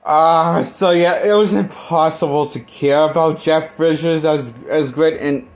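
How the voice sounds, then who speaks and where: A man's voice: a little high, steady tone, unhurried. Blunt, rambling male movie critic. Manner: blunt, profane and rambling, with frequent restarts. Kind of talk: casual film review.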